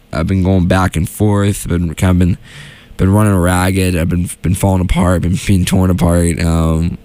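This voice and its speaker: Young guy hosting solo, low voice, loose rambly chat full of likes and ums, small studio. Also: darkish tone. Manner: rambling, many fillers and restarts. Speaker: solo show host. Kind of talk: casual solo radio chat.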